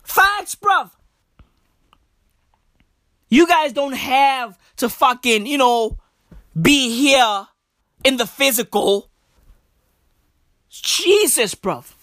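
A high-voiced woman from Africa rants in a comedic monologue, leaning on swear words and slang for emphasis. Her pitch leaps and dives with every punchline. The sound is dry and close, with no room echo. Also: fairly bright tone. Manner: profane, emphatic, slangy, repeats "bruv" and "broski".

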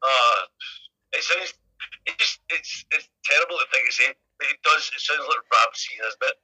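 Bright, husky man halting over a call. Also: on the high side, no room sound, rough recording. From Scotland. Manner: soft-spoken, halting, with many restarts. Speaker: guest. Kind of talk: casual chat on a video call. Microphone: video call.

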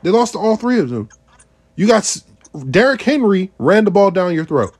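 A man with a fairly high voice co-hosts a casual sports podcast. He works through his points methodically, reading off one item after another. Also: very animated, normal speed, a little mellow, slight background noise. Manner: methodical, runs through lists step by step. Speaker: podcast co-host.

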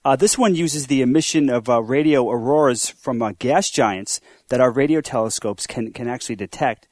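A podcast co-host explains science news in a casual, halting way, often repeating words as he goes. His voice is medium in pitch and recorded dry, with no room echo. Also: darkish tone.

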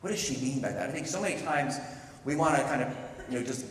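Animated preacher in an echoey hall. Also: male voice, mid-range voice, quick pace, far from the mic, a little hiss or hum. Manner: animated storytelling with playful acted quotes. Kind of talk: sermon. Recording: echoey hall, speaker away from the mic.

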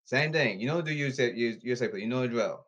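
A man rambling to his audience, reading rules off his phone and repeating himself insistently, with halting restarts. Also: mid-range voice, fairly bright tone, highs cut off. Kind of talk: rambling monologue to camera.

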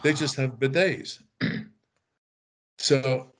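A man's voice: medium pitch, fairly even intonation, very slow. An older man telling rambling anecdotes in casual chat, acting out quoted voices and chuckling. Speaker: author telling stories.

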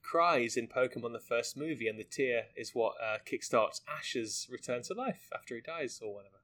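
A man co-hosting a casual film podcast, amused and quick to act out lines he remembers. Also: medium pitch, expressive, a bit bright. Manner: amused, acts out quotes. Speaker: podcast co-host.

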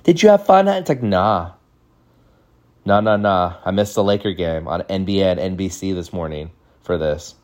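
A young man from California telling rambling childhood stories on a podcast, jumping into high voices to act out what people said. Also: steady tone, unhurried. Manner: rambling, acts out quotes in high mimicking voices. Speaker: podcast host. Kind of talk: casual storytelling monologue.

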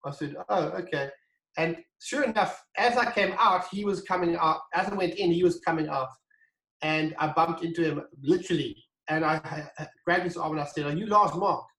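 A man telling a story as an interview guest, animated and acting out the dialogue, with frequent restarts. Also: fairly high pitch, normal speed, reverberant, poor audio. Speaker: guest, wine brand founder.

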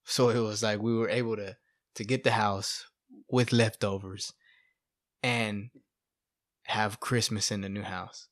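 This middle-aged man speaks at a fairly low pitch, unhurried and with long pauses, recounting his life as a testimony guest in casual chat. Animated, he acts out what others said and often says "you know" and "bro." The recording is dry and clean studio.

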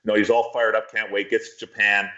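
A man's voice: on the low side, little pitch movement, fast, pushed and bright, lo-fi sound. A man casually telling a long, profane, rambling story on a podcast.

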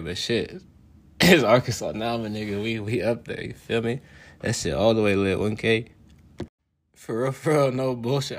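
A young man riffing in a profane, swaggering comedic rant, slangy and laughing often, a little high. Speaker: show host.

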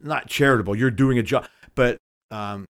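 A man's voice: medium pitch, normal speed, a bit bright, clean tone. A man in his fifties co-hosting a podcast, chatting casually and rambling with lots of filler phrases. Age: 50s. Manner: rambling, full of "like" and "you know what I mean". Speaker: podcast co-host. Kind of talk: casual chat.

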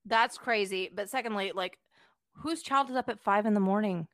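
A woman's voice: medium pitch, moderate pace, a bit bright, dry recording, clean studio sound. A woman co-hosting a casual chat, reacting bluntly and swearing freely.

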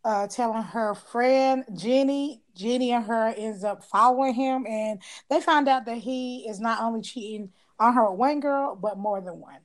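Woman, podcast co-host, casual chat, chimes in and laughs, fairly high pitch. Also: moderate pace, hardly any pauses. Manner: chatty, chiming in with agreement and laughs. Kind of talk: casual story review chat.

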